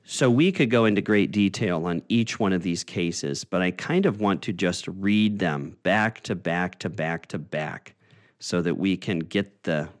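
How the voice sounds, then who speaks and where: Teaching a Bible study, this man talks in a relaxed, explanatory way, frequently stopping with "uh" and starting his phrases over. He has a deep voice.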